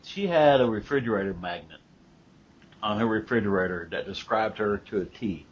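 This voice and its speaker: A man's voice: fairly low pitch, lively intonation, normal speed, a little hiss or hum. A man, co-hosting and telling a rambling family story, often correcting himself. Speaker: co-host, son of the guest.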